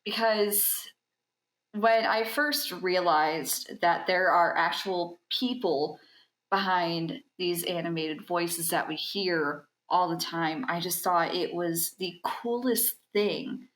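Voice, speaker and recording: Slow-talking young woman in an echoey room. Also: on the low side. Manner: animated and enthusiastic, with filler ums. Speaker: podcast guest, convention talent handler. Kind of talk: casual interview chat.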